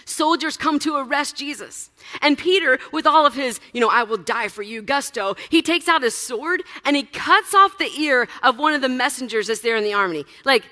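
A woman pastor giving a sermon in church, telling the story with animated, casual asides. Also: high voice, moderate pace, long reverb tail.

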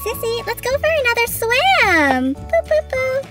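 A woman's voice: extremely high pitch, very animated, a little slow, pitched above the performer's own voice, full character voice. A woman voicing a giddy little girl baby doll in a toy play video, squealing and gushing in a sing-song way. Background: music.

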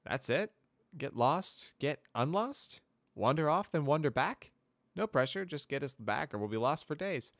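A man's voice: on the high side, animated, a bit bright, dry recording, clean studio sound, pitched above the performer's own voice. A man voicing a tough, prickly young female pegasus cadet with a sarcastic, grumpy way of talking in a fan storybook reading. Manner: sarcastic, grumpy, quick-tempered.

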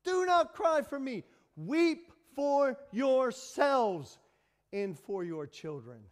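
Preacher voicing a solemn, grave Jesus. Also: male voice, extremely high pitch, sing-song, slow, big-room sound, pitched above the performer's own voice, full character voice. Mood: pleading. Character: Jesus, calm solemn man speaking before judges. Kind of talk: sermon.

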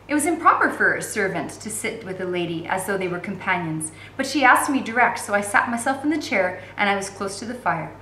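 A woman reading a novel aloud with expressive storytelling and occasional commentary as a teacher. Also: medium pitch, roomy sound, a little hiss or hum. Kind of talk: read-aloud narration with commentary.

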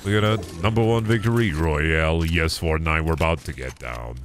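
A man's voice: extremely low pitch, normal speed, very noisy. A man streaming a video game live, rambling and mocking his chat and opponents, with lots of swearing. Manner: rambling, self-interrupting. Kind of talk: live gaming commentary.

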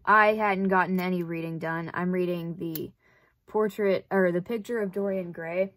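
A woman's voice: fairly low pitch, fairly even intonation, normal speed, fairly bright tone. A young woman from the southern United States with a light Southern accent, rambling in a casual vlog while she sews, full of "like" and wry self-deprecating asides. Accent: light Southern American. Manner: rambling, chatty, says "like" often. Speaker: vlogger. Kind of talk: casual chat while sewing.

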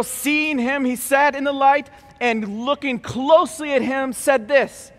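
A man with a very high, bright, forceful voice preaches a keynote sermon to a large hall. He acts out the scripture dramatically, swinging between quiet reflection and sudden loud outbursts, and his words ring with a long reverb.

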